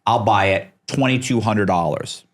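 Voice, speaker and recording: Deep-voiced man spinning a casual story. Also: moderate pace. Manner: animated, acts out the people he quotes, swears casually. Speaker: podcast guest.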